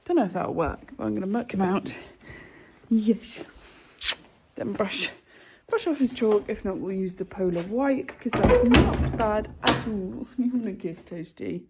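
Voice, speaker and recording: A woman's voice: medium pitch, animated, a little slow, a little hiss or hum. A young woman chatting casually to camera in a stable yard, cooing to her horses between remarks. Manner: talks softly, coos to her horses. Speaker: equestrian vlogger. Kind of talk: casual vlog chat.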